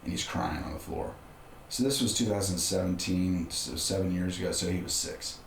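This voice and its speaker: A man's voice: deep voice, normal speed, vocal fry. A middle-aged man, a podcast guest, telling a personal story in a candid, conversational way with frequent restarts. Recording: roomy room with faint background noise.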